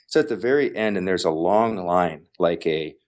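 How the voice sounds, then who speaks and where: A man with a very deep, low voice tells a story as a podcast guest. He talks in an animated, emphatic way and repeats key phrases for effect. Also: normal speed. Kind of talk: casual storytelling in conversation.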